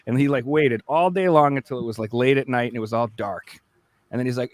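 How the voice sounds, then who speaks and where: Man, podcast co-host, casual storytelling, animated, dry close sound. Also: medium pitch, fast, no echo. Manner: animated storyteller, acts out voices. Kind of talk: casual chat.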